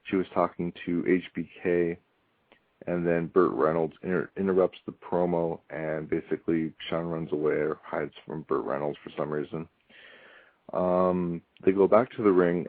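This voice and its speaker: A deep-voiced man talks through a casual solo review, rambling with lots of ums and dry, wry asides. His voice comes through a tinny, phone-like line. The sound is flat and dead, with no room around it. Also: dry recording. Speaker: podcast host reviewing wrestling.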